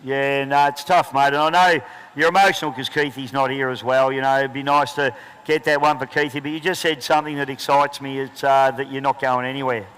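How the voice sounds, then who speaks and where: A man's voice: mid-range voice, steady tone, a little fast, a bit bright, clean tone, rough recording. A man with an Australian accent commentating trackside at a boat race, chatty and joking, talking into a handheld microphone outdoors.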